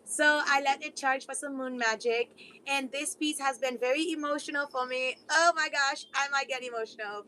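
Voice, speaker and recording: A woman's voice: fairly high pitch, sharp tone. A woman vlogger chatting in a rambling, spiritual way and breaking off to talk to her dogs. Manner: rambling, talks to her dogs mid-sentence. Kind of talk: casual spiritual chat.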